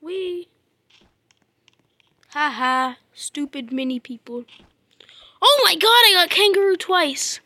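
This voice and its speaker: A woman giving gameplay commentary in a high, lively voice that leaps around her range. She goes from quiet muttering to exasperated shouting and swears at the game. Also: a little slow, no room sound. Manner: swings between muttering and frustrated shouting. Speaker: gamer.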